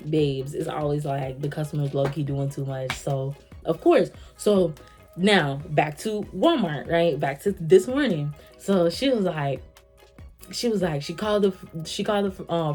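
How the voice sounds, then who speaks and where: Animated young woman telling a storytime rant. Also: on the low side. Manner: animated, acts out both sides of the argument. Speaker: vlogger.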